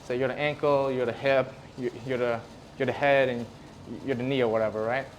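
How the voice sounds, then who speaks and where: Man, physical therapist, casual live presentation, mid pitch, faint background noise. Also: steady tone, brisk, lo-fi sound. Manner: casual, conversational, acts out examples.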